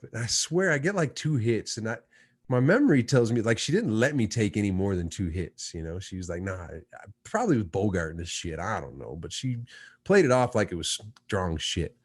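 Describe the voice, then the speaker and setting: A man with a lowish voice tells a rambling story in casual chat. He laughs often and swears freely. The sound is dry and close, with no room echo. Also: normal speed. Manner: laughing, profane, animated storyteller. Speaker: podcast guest.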